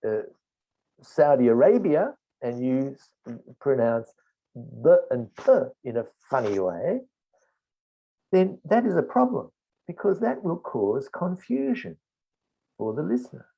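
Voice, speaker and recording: A middle-aged man with an Australian accent, answering test questions in a teaching webinar and explaining slowly with strong emphasis. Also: mid-range voice, very animated, gravelly. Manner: slow, deliberate explanation with emphatic stresses. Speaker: IELTS expert answering questions. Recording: dull lo-fi webinar audio.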